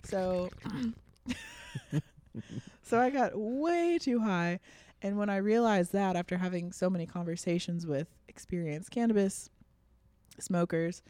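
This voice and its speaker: A woman's voice: fairly low pitch, a little slow, pauses often, mellow. A young woman chatting casually, telling a rambling personal story with laughs and fillers. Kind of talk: casual chat.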